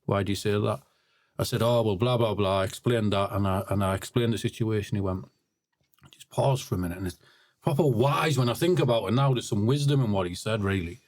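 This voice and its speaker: A man's voice: lowish voice, a little fast, a little mellow, dry recording. A blunt man telling stories as a podcast guest. He often repeats words as he starts a sentence. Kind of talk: casual storytelling.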